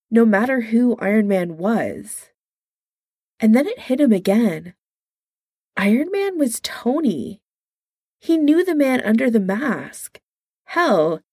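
A woman reading a story aloud in a calm, measured way. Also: a little high, breathy edge, no room sound, studio quality. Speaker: narrator.

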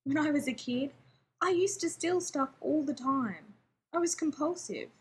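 A woman reading aloud, voicing an anxious, chattering adult man who talks in rapid, fretful bursts. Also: high-pitched, lively intonation, voice pushed up. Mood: giggly rambling.

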